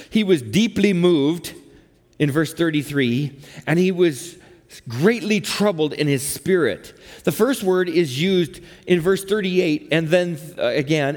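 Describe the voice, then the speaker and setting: Male pastor, higher-pitched voice, emphatic sermon delivery, long hall reverb. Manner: emphatic preaching, dropping soft and low at tender moments.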